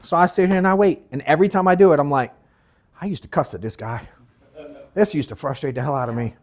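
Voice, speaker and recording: A man leading a live sales workshop, telling animated stories that act out his own reactions, swearing freely and calling the audience bro and dude. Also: fairly high pitch, fast talker. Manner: animated storytelling, mimics himself, swears, calls people bro and dude. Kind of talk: casual, joking workshop talk.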